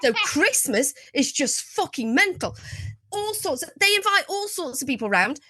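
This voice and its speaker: A woman with a high, bright voice talks in a casual podcast chat. Her pitch swings widely as she tells stories, laughs often and swears freely. The recording is close and dry. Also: very animated, moderate pace, no room sound. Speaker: podcast guest.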